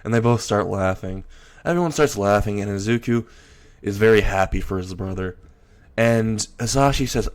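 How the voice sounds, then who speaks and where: A young man narrating an improvised story in a loose, halting way with frequent restarts. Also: fairly low pitch.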